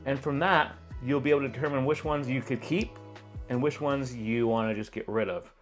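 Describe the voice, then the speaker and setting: A man, a photographer and video host, giving chatty, animated reaction commentary and laughing along. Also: medium pitch, brisk, faint music behind.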